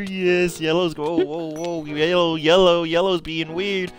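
A man playing an online game with a friend, excitable, taunting opponents and laughing. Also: a little high, a little slow, hardly any pauses, soft background music. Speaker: gamer streamer. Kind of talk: casual gaming chat.

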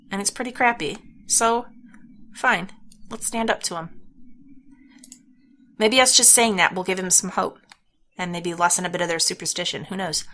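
A young American woman giving casual let's play commentary, chatty and thinking out loud with amusement. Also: medium pitch, vocal fry. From United States.

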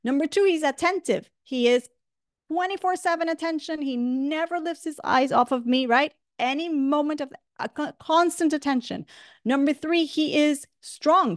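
A woman teaching a religious class, lively and chatty, often checking in with "right?". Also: high voice, no room sound, studio quality. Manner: animated, many rhetorical "right?" asides. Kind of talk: religious lesson.

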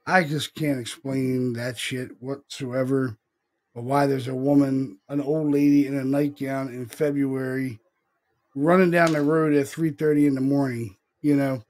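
A man's voice: mid-range voice, level tone, unhurried, a little mellow. A middle-aged man hosting a podcast, telling a story in a rambling, casual way, swearing freely and calling his listener "man" and "dude.". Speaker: podcast host.

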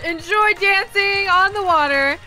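Giggly young woman, very high bright voice. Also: measured pace, faint music behind, a faint crowd, rough recording. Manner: giggly, playful. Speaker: co-player. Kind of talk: casual gaming chat.

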